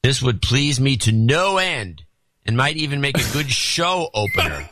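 A man's voice: mid-range voice, sing-song, a little slow, background noise. A middle-aged man co-hosting a podcast in casual chat, reading donor notes with dry, sardonic asides.

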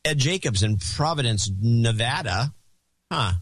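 A man's voice: mid-range voice, expressive, a little slow, no room sound. A man co-hosting a podcast, reading a list of donors and teasing his partner in a dry manner. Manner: dry, teasing, reads out lists of names. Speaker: podcast co-host. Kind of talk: casual chat.

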